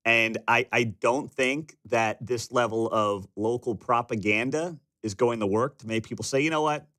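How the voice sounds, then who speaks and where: Speaking at a measured pace in a mid-range voice, a Midwestern American man hosts a talk radio show and delivers an opinionated monologue. He rants sarcastically and animatedly, mocking the voices of people he disagrees with. The sound is dry and comes through a studio microphone.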